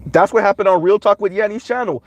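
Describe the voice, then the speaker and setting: A man's voice: high-pitched, fast, highs cut off. A man giving casual livestream commentary, rambling along with frequent "um" fillers.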